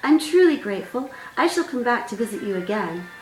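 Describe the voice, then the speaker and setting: A woman's voice: on the high side, big pitch swings, a little fast, a little mellow, pitched above the performer's own voice. A woman voicing a timid, earnest young princess who speaks politely. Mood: excited. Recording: roomy sound, distant mic, faint music.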